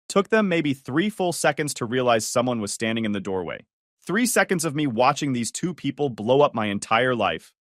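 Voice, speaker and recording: A man's voice: medium pitch, a bit bright, no room sound, clean studio sound. Man narrating in short clipped lines. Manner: clipped, terse sentences. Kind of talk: first-person story narration.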